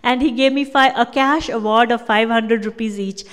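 Woman, Kashmiri speaker, high voice, animated devotional storytelling, long hall echo. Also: normal speed, clean tone. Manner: animated storytelling, acting out quotes. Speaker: speaker giving a talk with slides. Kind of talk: devotional personal testimony.

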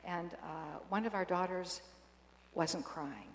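A woman telling devout family stories in a casual, halting way, full of restarts. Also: fairly low pitch. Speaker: guest sharing family memories. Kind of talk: casual storytelling. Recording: roomy hall with long reverb.

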